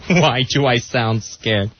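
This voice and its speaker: A man's voice: mid-range voice, expressive, takes it slowly, dry recording. A man co-hosting a radio show, joking and laughing along in casual banter. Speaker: radio co-host. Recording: muffled radio broadcast audio.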